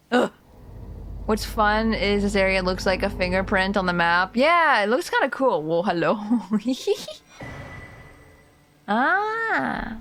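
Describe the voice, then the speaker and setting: A woman streaming a game, chatting casually, humming to herself and yelling at enemies. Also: mid-range voice, animated, takes it slowly, long pauses, a little hiss or hum. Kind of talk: casual gameplay commentary.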